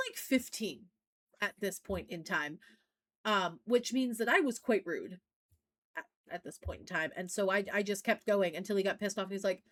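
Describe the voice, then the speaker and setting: A woman's voice: medium pitch, normal speed, a bit bright. Rambling woman telling a story. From not from Maine. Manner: rambling storytelling with many fillers and restarts. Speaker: podcast co-host. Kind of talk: casual chat.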